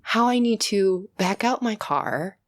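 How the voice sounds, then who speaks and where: Lively young woman telling a story. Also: medium pitch, unhurried. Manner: animated, laughing, swings into loud shouted retellings. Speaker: podcast guest. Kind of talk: casual storytelling chat.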